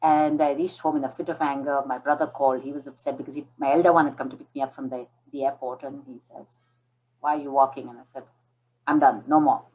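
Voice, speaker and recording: A woman's voice: extremely low pitch, fairly even intonation, fast, hardly any pauses, muffled recording. A woman in her forties from India, telling her story as an interview guest and acting out the dialogue in it. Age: 40s.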